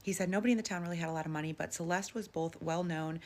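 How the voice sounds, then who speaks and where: A woman's voice: fairly low pitch, rapid-fire, a little mellow. A woman casually retelling a paranormal story she heard, in a conversational way with lots of filler words.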